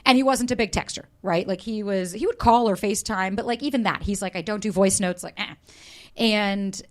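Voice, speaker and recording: A woman dating coach speaking as a podcast guest, telling stories in a lively way, acting out quotes and swearing freely. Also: mid-range voice, fairly quick. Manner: animated storyteller, acts out quotes, swears freely. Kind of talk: candid podcast interview.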